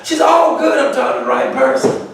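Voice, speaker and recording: A male pastor leads a Bible study, retelling conversations in a folksy, animated way. His voice sits high for a man. He is heard from a distance in a very echoey church room. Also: fast talker, creaky, a little hiss or hum. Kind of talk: Bible study talk with storytelling.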